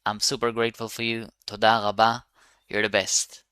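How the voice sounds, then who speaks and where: Bright, upbeat male language teacher. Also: on the low side, level tone, smooth, dry recording. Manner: upbeat and encouraging, repeats words slowly. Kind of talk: beginner language lesson.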